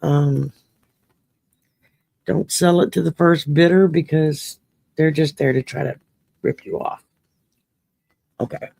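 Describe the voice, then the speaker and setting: A woman's voice: sits low, fairly even intonation, takes it slowly, vocal fry, pauses often, warm tone, dry recording. A woman from Louisiana with a Cajun accent, hosting a casual late-night stream, reading cards for viewers with salty jokes and cussing. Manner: salty, jokey, swears freely and laughs often.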